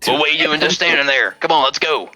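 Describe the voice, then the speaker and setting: A man's voice: fairly high pitch, fast, bright, forceful tone, no echo, faint music behind, pitched above the performer's own voice. A man voicing a grumpy, bossy old male halfling merchant who barks orders and curses. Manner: barking, bossy, cursing.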